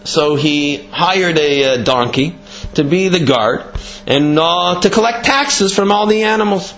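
Brief: man Torah teacher, conversational and lively, in a dull lo-fi recording. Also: a little high, unhurried, soft background music. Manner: animated, conversational explaining. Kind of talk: Torah class with storytelling.

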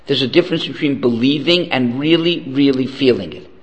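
A Torah teacher with a mid-range voice speaks fairly quickly in a large hall, captured in a rough recording. His lecture is conversational, weaving in a story and a joke and peppered with rhetorical "okay?" questions.

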